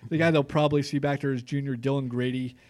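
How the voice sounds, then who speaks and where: A man's voice: mid-range voice, steady tone, fast, darkish tone, no echo. A man co-hosting a sports podcast, chatting casually and reeling off player stats with plenty of fillers.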